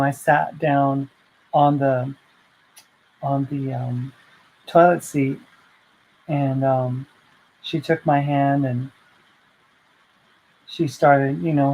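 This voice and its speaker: Woman vlogging, slow and heartfelt, rambles with lots of ums and you knows. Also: low voice, warm tone, husky, low-quality recording. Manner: heartfelt, rambling, many fillers and restarts. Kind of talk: personal storytelling vlog.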